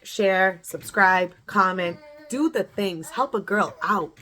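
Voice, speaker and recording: A woman's voice: fairly low pitch, normal speed, bright, forceful tone. A woman in her thirties giving an earnest, repetitive motivational pep talk to camera, as in a home beauty vlog. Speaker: beauty vlogger.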